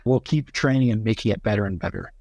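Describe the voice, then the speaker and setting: A man's voice: on the low side, fast talker, creaky, a little mellow, no room sound, clean studio sound. A man as a podcast guest, explaining his company's product in an upbeat, plain-spoken way. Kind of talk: casual podcast interview.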